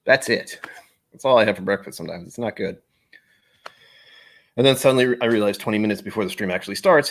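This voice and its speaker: A man's voice: lowish voice, fast talker, long pauses. A man hosting a casual whiskey live stream, rambling and self-deprecating as he gets sidetracked.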